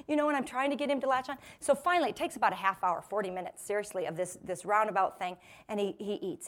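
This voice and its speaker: A woman in her forties giving a humorous storytelling talk to a live audience, lively and self-mocking, laughing often and acting out what people said. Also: a little high, quick pace, few pauses. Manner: lively, self-mocking, acts out quoted voices. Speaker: motivational speaker.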